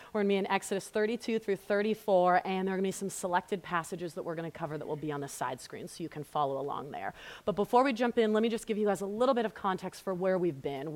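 A woman in her thirties teaching a women's Bible study, telling family stories in an earnest, storytelling way and praying in a hushed voice. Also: mid-range voice. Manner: warm, storytelling, earnest, softening to a hushed prayer. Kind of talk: women's ministry teaching talk. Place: church women's gathering, live audience.

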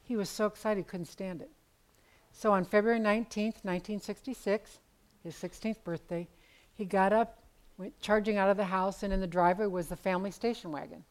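A woman's voice: mid-range voice, steady tone, fairly quick, rough recording. Woman, 70s, Bible study teacher; candid, conversational storyteller with dry self-deprecating humor.

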